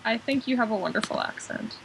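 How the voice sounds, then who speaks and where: A woman's voice: fairly high pitch, huge pitch swings, fast talker, vocal fry, breathy edge. A woman chatting casually as a panelist on a fan show, bubbly and giggly, full of fillers.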